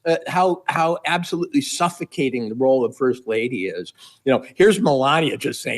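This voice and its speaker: A man's voice: mid-range voice, expressive, a little fast. Middle-aged male guest pundit with a mid-range voice, wry and rambling, builds his points through repetition. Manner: wry, meandering, piles up repeated phrases. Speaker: guest commentator. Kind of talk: political commentary.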